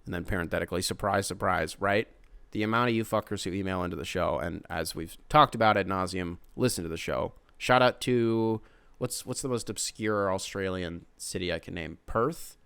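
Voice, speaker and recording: A man's voice: low-pitched, moderate pace, creaky, a bit bright, clean tone, no room sound. A young American man hosting a sports podcast, talking casually in rambling, profane rants full of tangents. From United States. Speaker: podcast host.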